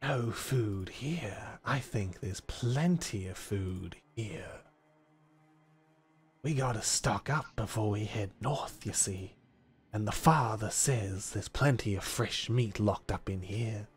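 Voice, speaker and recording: A man's voice: on the low side, takes it slowly, husky, exaggerated voice. A man voicing a menacing, folksy male cannibal raider who drawls and gloats. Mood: gloating.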